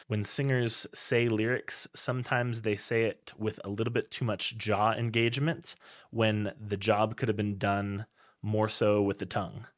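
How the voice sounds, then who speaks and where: A male voice teacher explaining warm-up exercises clearly and step by step, between sung demonstrations. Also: lowish voice. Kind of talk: singing lesson instruction.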